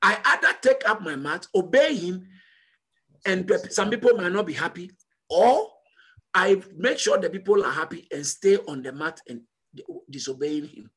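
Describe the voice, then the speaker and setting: A man preaching a sermon as pastor, emphatic and repetitive, building to loud call-and-response peaks. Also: sits high, very animated, moderate pace, husky.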